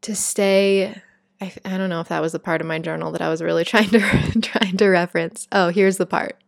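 A woman's voice: lowish voice, steady tone, normal speed, gravelly, no echo, clean studio sound. A woman talking earnestly and emotionally through a reflective spiritual monologue, chatty and heartfelt. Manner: earnest, emotional, conversational, many "like"s.

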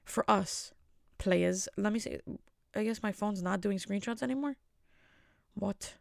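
At home while her family sleeps, a woman hosts her own podcast in a casual solo chat, rambling loosely and cracking self-mocking jokes. Her voice is medium-pitched with vocal fry, and she speaks at a measured pace. The studio sound is clean, with no echo.

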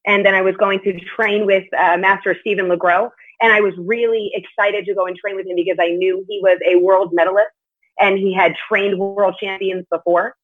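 A woman's voice: mid-range voice, steady tone, normal speed. A woman guest in a casual interview, speaking candidly and chattily and swearing now and then. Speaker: podcast guest, martial arts competitor. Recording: tinny phone-like line.

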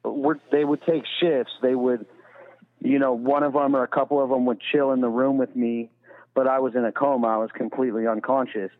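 A man guests on a podcast, telling a story in a rambling, casual, profane way full of "you know." His mid-range voice has little pitch movement and moves fairly quickly, and the recording sounds tinny and phone-like with long reverb.

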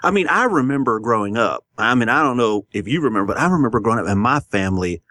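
A man co-hosting a podcast in casual, profane chat, blunt and quick to laugh. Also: medium pitch, animated, pushed and bright, no echo, studio quality. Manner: blunt, swears freely, laughs often. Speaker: podcast co-host. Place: podcast studio.

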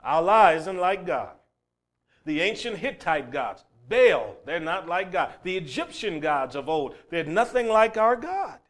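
A male preacher with a high voice delivering a sermon. His pitch leaps and dips all over the place, and he moves from ringing calls to soft, low asides. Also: sing-song, a little slow. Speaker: pastor.

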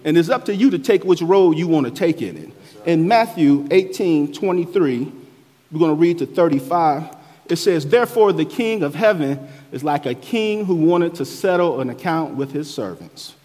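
A pastor preaches a sermon, reading scripture and explaining it as his voice swells and drops in pitch and force with a preaching cadence. He is animated, moderately paced and darkish in tone, heard through long hall reverb.

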